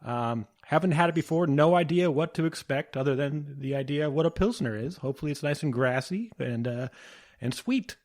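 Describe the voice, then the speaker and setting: A man's voice: a little high, brisk, a little mellow. A man hosting a podcast from home, chatting in a playful, joking way. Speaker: podcast host. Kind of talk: casual chat.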